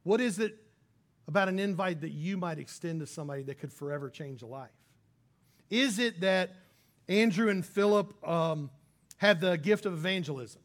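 A pastor giving a relaxed, conversational sermon in a fairly high voice for a man. He keeps it casual and animated and acts out the people he quotes in quick little voices.

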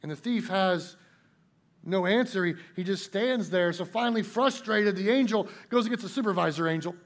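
A man preaching a sermon in a folksy, emphatic way, slowing down to stress key points. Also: high voice. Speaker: pastor.

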